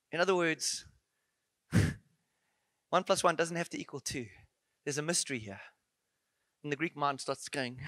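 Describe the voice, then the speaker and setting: A man preaching a conference sermon in a church, animated and playful, full of rhetorical questions and asides. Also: on the high side, dry recording.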